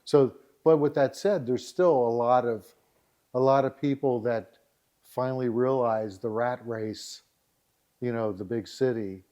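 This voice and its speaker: A man's voice: mid-range voice, a little slow, warm tone. A man as a podcast guest, chatting casually and telling stories, often laughing. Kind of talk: casual storytelling chat.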